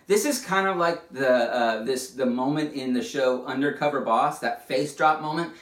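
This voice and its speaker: Guy pastor giving a sermon, chatty and animated, sounds far off in a roomy church. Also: medium pitch, a little slow. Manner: conversational, animated, with frequent restarts. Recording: echoey room, distant mic.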